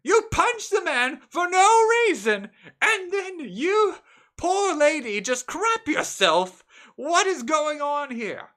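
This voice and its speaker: A man doing a shrill, flustered human traveler. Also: big pitch swings, sharp tone, full character voice. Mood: exasperated. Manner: shrill, slow, exasperated. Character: flustered indignant human man, high-pitched.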